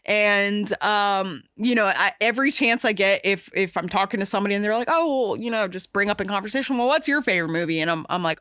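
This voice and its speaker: A woman's voice: mid-range voice, fast, few pauses, sharp tone, dry recording. Emphatic woman podcast host, dry sound. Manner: emphatic, gushing, lots of fillers and restarts. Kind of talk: casual chat.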